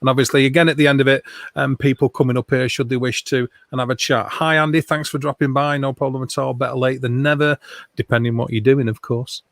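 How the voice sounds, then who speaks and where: A man's voice: medium pitch, fast talker, no room sound. A man hosting a casual livestream chat and reading out viewer comments. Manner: relaxed, reads out viewer comments. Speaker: host.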